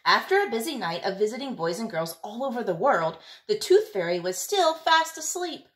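A woman teacher reading a picture book aloud, in an expressive, lilting storytelling manner. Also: fairly high pitch, normal speed.

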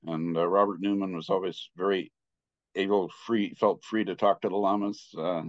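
An older man in his sixties telling his personal story as a Buddhist teacher. His voice sits low, and he talks haltingly, often restarting his sentences. The recording sounds dry and a little muffled. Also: no room sound. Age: 60s. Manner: halting, with frequent restarts and filler.

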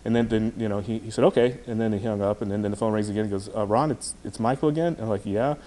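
Guy talking fast on a podcast, kinda low voice, rambling stories one after another. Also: level tone, mellow. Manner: rambling, chatty storyteller. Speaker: artist guest. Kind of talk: casual anecdotal storytelling. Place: podcast interview.

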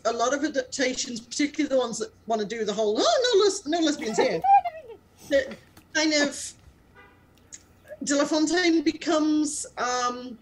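A woman with a somewhat high voice talks casually over a video call. She laughs often and keeps restarting her sentences as she talks. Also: slight background noise, poor audio. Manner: chatty, laughing, lots of fillers and restarts. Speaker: actor in the radio play.

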